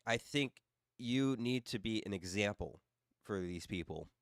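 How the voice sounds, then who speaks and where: A man with a lowish voice hosts a loose panel chat, teasing the others and tripping over his words as he restarts. His voice is close and dry. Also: animated, unhurried, dry recording. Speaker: podcast host.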